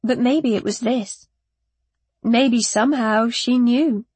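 Woman voicing desperate young mother, pleading, tearful, audiobook, higher pitch, slow. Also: darkish tone, husky, no echo. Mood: wistful. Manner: pleading, breaking into tears.

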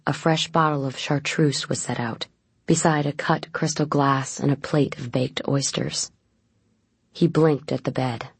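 A narrator reading a gothic novel aloud in measured, even storytelling. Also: medium pitch, breathy edge, dry recording. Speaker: audiobook narrator. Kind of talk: scripted narration.

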